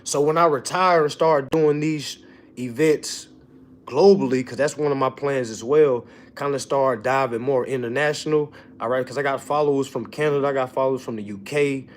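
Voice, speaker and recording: A man's voice: mid-range voice, moderate pace. A man teaching a seminar, talking casually and with lots of energy to a live audience, often swearing and checking in with the room. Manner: animated, profane, keeps asking "all right?". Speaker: seminar instructor.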